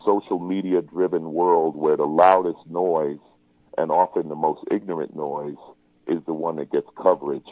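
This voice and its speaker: A man's voice: extremely low pitch, fairly even intonation, moderate pace, no echo, narrow, tinny audio. A man talking as a guest comedian in a casual interview, with a wry, joking manner.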